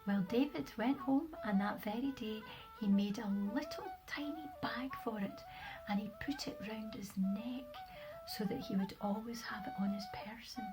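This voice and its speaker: A woman telling a children's story, lively, often dropping to a whisper. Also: fairly high pitch, moderate pace, music in the background, rough recording.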